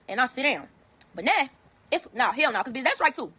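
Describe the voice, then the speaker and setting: At a moderate pace and in a high voice, a woman with a Chicago accent shares a story with viewers. Blunt and profane, she animates the retelling by acting out quoted exchanges.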